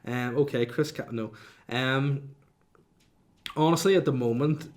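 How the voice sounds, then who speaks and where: A man hosts a relaxed solo podcast in a mid-range voice. He talks in a chatty, cheeky way, rambling through asides and reading out listener questions. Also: mid-range voice, unhurried. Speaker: podcast host. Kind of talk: casual solo podcast chat.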